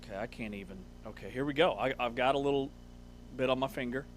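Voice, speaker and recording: A male co-host on a sports radio show, chatting casually and cracking dry jokes. His voice sits at an ordinary mid pitch. Faint hum in the studio. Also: quick pace. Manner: dry, wisecracking asides.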